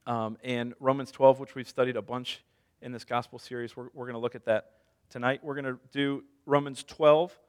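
A man's voice: mid-range voice, fairly even intonation, moderate pace, clean tone. A man in his thirties preaching a sermon as a pastor, conversational, telling stories with self-deprecating humor.

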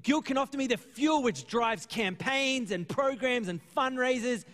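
A man's voice: very high-pitched, expressive, normal speed, a bit bright, big-room sound. A man preaching a sermon as pastor, earnest and conversational, acting out little exchanges with churchgoers. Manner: conversational, earnest, acts out dialogue.

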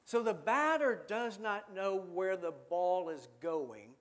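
High-voiced preacher chatting with his audience. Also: expressive, slow. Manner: conversational, asks the audience questions, repeats words. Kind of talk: sermon.

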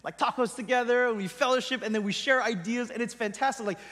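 A male pastor preaching a sermon in a conversational, emphatic way, often dropping his voice quietly at the end of a thought. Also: very high voice, fast, in a large hall. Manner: conversational, emphatic, trails off quietly at line ends.

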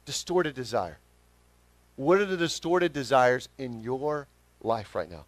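A man with a Southern accent preaching a sermon as pastor, swinging from quiet reflection to emphatic, rising calls. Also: on the high side, animated, a little slow, no echo. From Southern United States.

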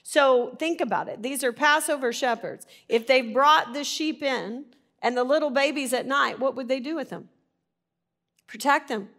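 A woman with a slightly raised voice teaches from scripture. She reads verses steadily, then talks them through conversationally, leaning on single words for emphasis and clearing her throat now and then. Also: high voice, fairly bright tone. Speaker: Bible teacher. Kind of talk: Bible reading and teaching.

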